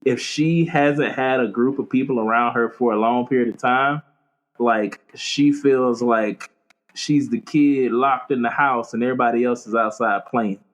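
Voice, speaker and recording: Laughing often and acting out quotes, a young Floridian co-host tells lively stories in a relaxed faith-podcast conversation. His pitch is medium and his pace moderate.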